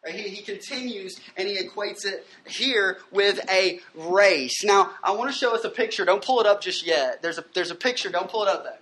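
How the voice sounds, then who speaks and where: At a gathering on a university campus, an emphatic male pastor gives a sermon, reading scripture passages aloud and then unpacking them. He keeps checking in with listeners through a steady "right?". His voice is medium-pitched at normal speed with few pauses, and there is slight background noise.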